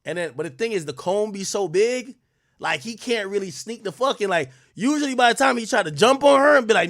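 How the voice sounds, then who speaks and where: A man's voice: sits high, expressive, fairly quick, a bit bright. A young man hosting a podcast, rambling through loose, slang-heavy stories in casual chat. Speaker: podcast host.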